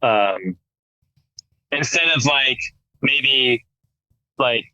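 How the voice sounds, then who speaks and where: A man's voice: mid-range voice, drawn-out words, bright, forceful tone, poor audio. A man in his thirties with an American accent, a guitarist talking casually in an interview, full of "like" and restarts. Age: 30s. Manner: rambling, lots of "like" and restarts. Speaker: guest guitarist. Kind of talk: casual conversation.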